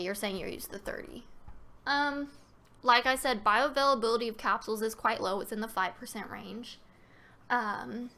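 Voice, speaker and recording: A woman's voice: on the high side, pushed and bright. A woman hosting a casual live-stream Q&A, talking loosely with many fillers and restarts and reading viewer questions aloud.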